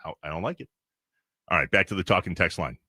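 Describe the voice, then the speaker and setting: A man co-hosting a sports radio show, ranting in quick bursts in a casual talk style. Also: sits low, expressive, sharp tone, slightly rough, dry recording, clean studio sound. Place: radio studio. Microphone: studio microphone.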